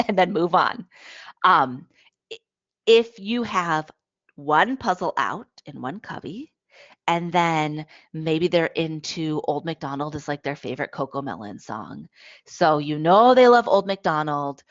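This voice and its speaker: A woman presenting on children's play in a lively, demonstrative way, often checking in with her listeners. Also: deep voice, dry recording. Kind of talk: webinar talk with toy demonstrations. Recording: dull, lo-fi, dry audio.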